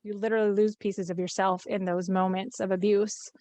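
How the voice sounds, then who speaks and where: A woman's voice: mid-range voice, flat delivery, brisk, warm tone, dry recording. A woman, a podcast guest and coach, telling a personal story in a casual interview, earnest and emotional, with light laughs between phrases. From American Midwest.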